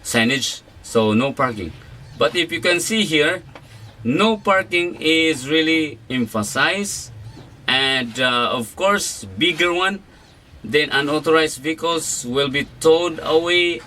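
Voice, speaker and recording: A male teacher giving an online lecture, halting and full of fillers and restarts. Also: fairly high pitch, animated, bright, forceful tone, a little hiss or hum.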